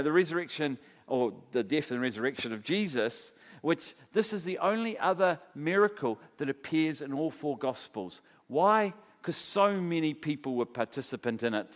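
A man with a New Zealand accent preaching a sermon, telling stories with animated, acted-out dialogue. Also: fairly high pitch, in a large hall. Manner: animated storytelling, acting out quoted dialogue. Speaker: pastor.

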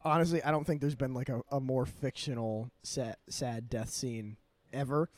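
A young man chatting loosely on a podcast, joking and teasing. His voice sits at an ordinary middle pitch. He wanders through stories with false starts. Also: fairly even intonation, moderate pace, no echo. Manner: joking, teasing, rambling with restarts. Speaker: podcast co-host. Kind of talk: casual chat.

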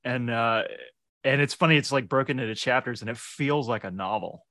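A man's voice: mid-range voice, a little fast, pushed and bright, no room sound. A man co-hosting a podcast, hesitant and full of fillers, laughing often. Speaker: podcast co-host. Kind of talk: casual podcast chat.

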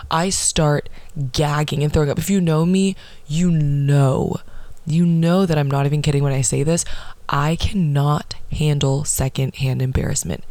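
A young woman in her early twenties hosting a podcast, ranting in casual chat with a sarcastic, profane and animated manner. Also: low-pitched, no room sound. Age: early 20s. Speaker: podcast host.

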